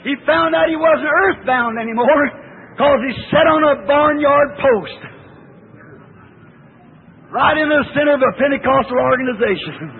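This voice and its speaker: A man preaching a fervent sermon, often slowing and rising into shouted cries. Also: very high-pitched. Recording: tinny lo-fi old recording.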